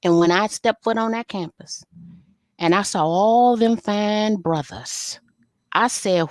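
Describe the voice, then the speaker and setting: A middle-aged woman, an interview guest, telling family stories candidly and acting out the dialogue with lively, folksy humor. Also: mid-range voice, slow, dry recording. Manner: animated, folksy storyteller who acts out family dialogue. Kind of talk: candid storytelling in a live interview.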